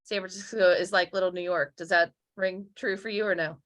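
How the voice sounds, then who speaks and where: A woman's voice: fairly low pitch, steady tone, a little fast, fairly bright tone. A woman hosting a podcast interview, chatty, teasing and upbeat as she thanks listeners and welcomes her guest. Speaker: podcast host. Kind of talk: casual interview chat.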